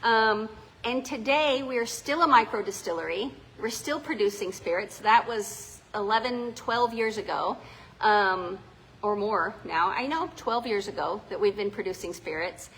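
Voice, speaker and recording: A woman's voice: mid-range voice, unhurried, a bit bright, poor audio. A middle-aged woman from South Africa, the owner of a winery and distillery, telling its story in a chatty, rambling way inside a small distillery. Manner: chatty, rambling, with frequent ums and restarts. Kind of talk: casual storytelling to visitors.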